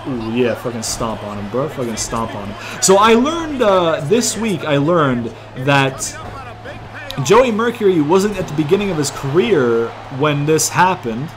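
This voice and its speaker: A man's voice: on the high side, big pitch swings, unhurried, slight background noise. A man giving casual, rambling gameplay commentary, thinking aloud and swearing freely. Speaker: gaming YouTuber.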